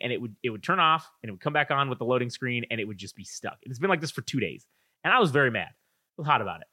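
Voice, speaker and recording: A man's voice: medium pitch, pushed and bright, dry recording, clean studio sound. A man in his thirties, a podcast co-host telling a profane, ranting story in casual chat.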